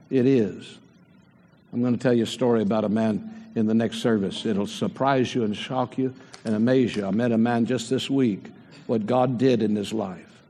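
An older man preaches a sermon, firing rhetorical questions at the congregation. His voice sits at a middle pitch and rings out with a long reverb trailing through the church sanctuary. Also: mellow.

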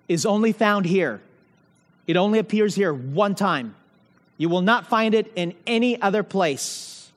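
A high-pitched male preacher delivers his sermon at an unhurried pace, dwelling on each key phrase. He keeps asking rhetorical questions and answering them himself. His voice carries a long reverb from the church hall. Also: lively intonation.

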